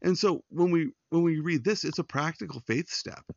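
Gravelly man giving earnest Bible teaching. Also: fairly high pitch, normal speed, a little mellow, dry recording, dull audio. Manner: earnest, pastoral, addresses listeners directly. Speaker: devotional podcast host.

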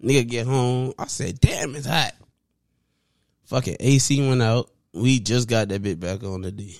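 A laid-back man co-hosting a podcast, drawling his slang. His mid-pitched voice is dry and close, with no room sound. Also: fairly even intonation, moderate pace, a little mellow, no room sound. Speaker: podcast co-host. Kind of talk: casual chat.

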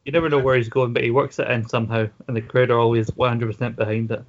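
A man speaks in a level, monotone way at a middle pitch, recapping wrestling with dry, wry humor. His voice comes through a dull, slightly lo-fi mic. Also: very fast. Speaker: podcast co-host. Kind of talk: casual wrestling recap chat.

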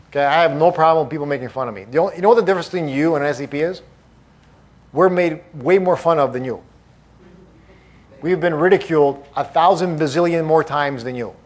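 A middle-aged man speaks to a live crowd in a voice pitched a little above the usual male range. He talks emphatically and drives each point home by repeating it. He sounds like a motivational speaker rallying a room. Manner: emphatic, repetitive, punchy. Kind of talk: live motivational talk to an audience.

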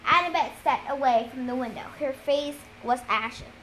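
A woman reading a novel aloud in a steady, deliberate storytelling manner. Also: high-pitched, slight background noise, rough recording. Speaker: reader. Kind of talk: audiobook-style reading of a novel.

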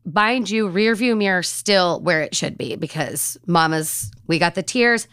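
A woman hosting a podcast, telling a personal story in an animated, chatty way. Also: on the low side, measured pace, few pauses, clean tone, dry recording, studio quality. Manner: animated, chatty, acts out conversations. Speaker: podcast host.

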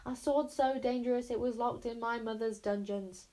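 A woman's voice: fairly high pitch, fairly even intonation, normal speed, mellow, natural voice. A plucky young girl princess in a storybook, read by a woman. She speaks with urgent determination and a fair bit of stubbornness, and her voice stays close to the reader's own. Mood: determined.

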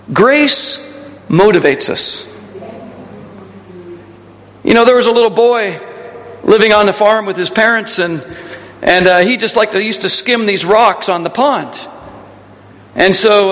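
A man's voice: very high-pitched, fairly bright tone, big-room sound. A male pastor preaching a conversational sermon, asking the congregation questions and telling stories.

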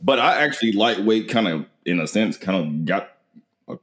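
A young man hosting a podcast interview in casual, joking chat, his voice jumping high when he gets excited. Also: normal speed. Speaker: podcast host.

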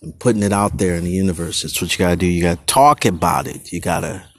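A man hosting his own podcast, talking casually and rambling into tangents with a husky voice and slangy manner. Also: low-pitched, quick pace. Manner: goes on tangents, restarts, slangy. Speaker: podcast host.

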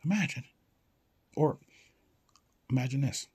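A man talking casually and with excitement, swearing now and then and acting out short back-and-forth exchanges as he urges listeners to imagine things. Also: mid-range voice, breathy edge. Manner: animated, swears casually, acts out quick dialogues. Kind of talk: casual motivational monologue.

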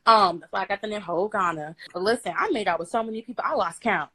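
Brash, bright-voiced woman telling a story. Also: mid-range voice, fast, husky, no room sound, poor audio. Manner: brash, profane, laughing, breaks into song. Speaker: guest storyteller. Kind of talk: casual storytelling on a live stream. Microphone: phone on a live video stream.

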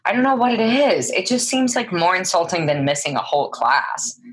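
A young woman co-hosting a casual chat, animated and full of fillers, swearing now and then. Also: lowish voice, fairly quick, husky. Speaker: podcast co-host.

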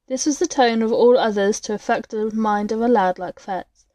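A woman reading a classic story aloud in a measured, dramatic way as its storyteller. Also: on the high side, darkish tone, no room sound. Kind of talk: scripted story narration.

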